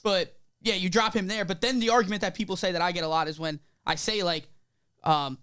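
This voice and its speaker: A young man, joking and swearing in quick podcast banter. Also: high-pitched, fairly even intonation, pushed and bright, smooth, dry recording, clean studio sound. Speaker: podcast co-host. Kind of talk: casual chat.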